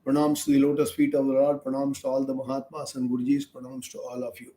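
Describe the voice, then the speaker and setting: A middle-aged man teaching a scripture class, chanting Sanskrit verses quickly and then explaining them slowly, often repeating himself. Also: mid-range voice, monotone, mellow. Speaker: spiritual teacher.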